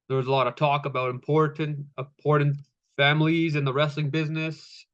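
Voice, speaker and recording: A man's voice: on the high side, flat delivery, brisk, a bit bright, dull audio. Laid-back swearing man recapping wrestling. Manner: laid-back, swears freely, many fillers, acts out quotes. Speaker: wrestling show reviewer. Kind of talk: casual recap chat.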